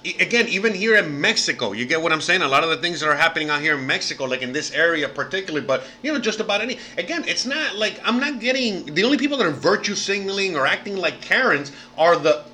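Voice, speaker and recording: High, bright-voiced American man ranting. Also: expressive, fast talker, few pauses. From United States. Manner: profane, rambling, repeats fillers like "you know what I mean". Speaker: vlogger. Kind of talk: casual rant to camera. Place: living abroad in Mexico.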